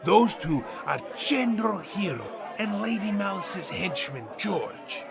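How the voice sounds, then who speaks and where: A man doing a gravelly Russian ex-spy villain. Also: high-pitched, very animated, slow pace, over music, full character voice. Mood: scheming. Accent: put-on Russian. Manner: broken-English villain bluster. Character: scheming retired Soviet spy turned deli owner, male, middle-aged. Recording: crowd chatter behind.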